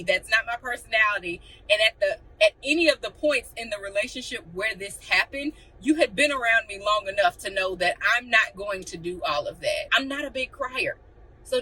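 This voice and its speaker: Bright-voiced, blunt young woman vlogger. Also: fairly high pitch, recorded from a distance, a little hiss or hum, rough recording. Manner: blunt, animated, acts out quotes. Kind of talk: casual chat to camera.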